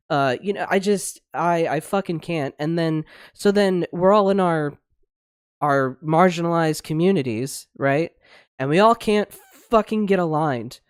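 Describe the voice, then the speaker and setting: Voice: mid-range voice, measured pace, clear, resonant tone, dry recording, studio quality. A podcast co-host ranting in a heated, blunt way with plenty of swearing during a casual discussion. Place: livestreamed online podcast.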